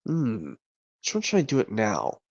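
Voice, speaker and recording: A streamer chatting casually between voice impressions, rambling and excitable, with some mild cursing. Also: medium pitch, moderate pace, highs cut off.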